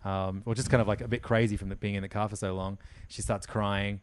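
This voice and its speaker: Low-voiced Australian man telling a story. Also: flat delivery, quick pace, smooth, no echo. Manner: rambling storyteller, laughs often, many fillers. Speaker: podcast co-host. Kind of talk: casual podcast chat.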